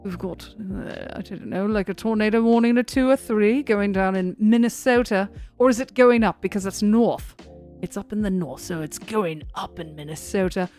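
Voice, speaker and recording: A woman doing an overly official British weather presenter with a put-on British accent, stretching her words out in a mock-formal, slightly slangy delivery. The pitch sits mid-range for a woman, and faint music plays underneath. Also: moderate pace, a little mellow, close to an everyday voice.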